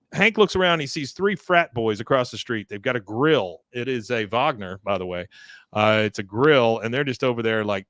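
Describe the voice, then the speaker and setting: A man's voice: medium pitch, no echo. Casual man recapping a cartoon. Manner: relaxed, filler-heavy storytelling. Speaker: podcast host.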